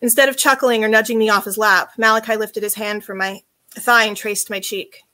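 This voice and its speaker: A woman author reading from her own novel in an even, intimate storytelling voice with a soft, low delivery. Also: brisk.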